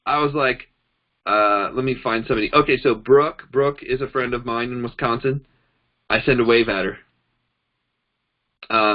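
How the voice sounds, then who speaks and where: A man's voice: lowish voice, highs cut off. A man giving a casual training talk on network marketing, telling stories in a chatty way and acting out both sides of his conversations. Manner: chatty, animated storytelling, acts out quoted dialogue. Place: indoors, demonstrating on a phone.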